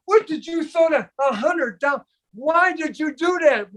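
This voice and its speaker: A man voicing a stingy middle-aged man who panics and yells in a shrill voice. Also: expressive, measured pace, full character voice. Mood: frantic.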